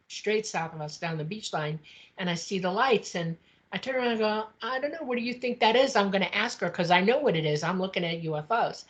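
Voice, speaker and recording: A woman guesting on an interview show, telling a personal story in a chatty, expressive way. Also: mid-range voice, muffled recording. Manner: chatty and expressive, acting out quotes.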